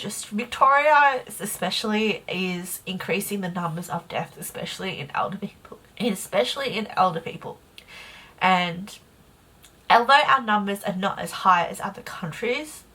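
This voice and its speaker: A woman's voice: medium pitch, a bit bright. A young Australian woman vlogging, venting with blunt frustration and swearing, at times emotional. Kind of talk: casual venting to camera.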